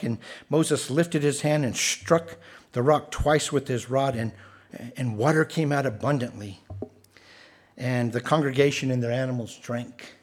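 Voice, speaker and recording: A man's voice: mid-range voice, moderate pace. A man preaching a conversational sermon, reading scripture aloud and adding sarcastic asides.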